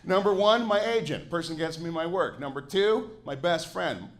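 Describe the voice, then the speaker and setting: A man's voice: on the high side, animated, moderate pace, a little hiss or hum. A man in his forties, a Canadian comedian, doing a grouchy, sardonic stand-up set with plenty of swearing on a club stage into a handheld mic. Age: 40s.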